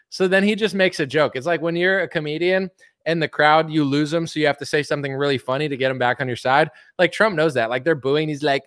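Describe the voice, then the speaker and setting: A man's voice: a little high, expressive, a little fast, fairly bright tone, no room sound, studio quality. A man ranting in casual political commentary, rambling with lots of "like" and mocking impressions. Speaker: commentary streamer.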